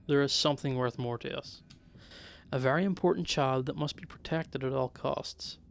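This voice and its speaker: A man's voice: mid-range voice, normal speed, vocal fry, faint music behind, lightly acted. A man voicing a scheming female demon boss with an Eastern European accent, speaking cool, broken, formal English. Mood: cool, businesslike. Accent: Eastern European, put on.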